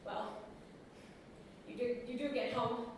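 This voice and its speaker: A woman's voice: on the high side, steady tone, slow pace, background noise. A woman playing a harried, ranting husband. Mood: weary complaining. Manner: theatrical ranting monologue, swinging loud and soft. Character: harried overworked husband, a middle-aged man. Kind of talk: stage comedy acting. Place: theatre stage. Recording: echoey stage recording from far off.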